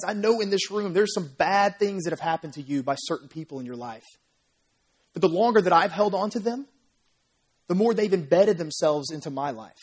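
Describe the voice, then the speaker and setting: A man preaching a sermon as pastor, telling an animated story and often checking in with "right?". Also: high-pitched, slightly rough. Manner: animated storytelling, acts out crowd voices, asks "right?" often. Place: church sanctuary.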